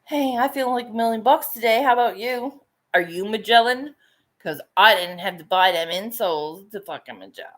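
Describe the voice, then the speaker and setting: A woman's voice: mid-range voice, normal speed. A middle-aged woman chatting casually while she paints, swearing freely and laughing often. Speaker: painting vlogger.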